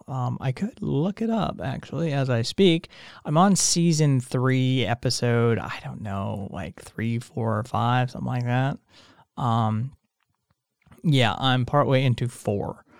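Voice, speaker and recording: Male solo podcast host, sleepy and meandering, mid-pitched resonant voice, dry close mic, casual cursing. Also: creaky, no echo. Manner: meandering, frequent fillers and restarts, swears casually. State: tired, yawning. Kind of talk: casual rambling monologue.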